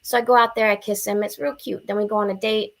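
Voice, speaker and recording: A young adult woman telling frank, profane stories in casual podcast chat, blunt and animated. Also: medium pitch, fast talker. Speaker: podcast guest.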